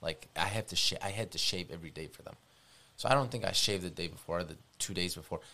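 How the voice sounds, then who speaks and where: A young man with a low, gravelly voice tells a story as a podcast guest. He talks in an animated, profane way and repeats himself for emphasis. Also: quick pace. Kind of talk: casual storytelling.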